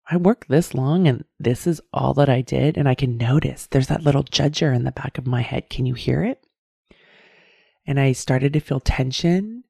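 A woman's voice: very deep voice, gravelly, no room sound, studio quality. A woman hosting a solo podcast who talks straight to the listener in a reflective way and often calls them "my friend". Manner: warm direct address, calls listener "my friend". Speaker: podcast host.

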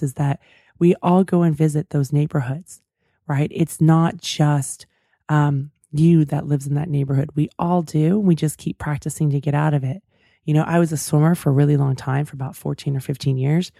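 A woman's voice: low-pitched, vocal fry, mellow, no room sound, studio quality. A woman hosting a talk show, telling a personal story in a chatty, reflective way with lots of asides. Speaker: podcast host. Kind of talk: casual storytelling monologue.

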